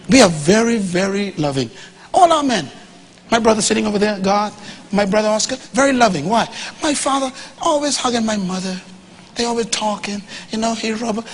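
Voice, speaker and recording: A man preaching a sermon to a congregation, swinging from loud to hushed and acting out quoted dialogue. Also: high-pitched, slight background noise. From Bahamas. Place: church hall before a live congregation.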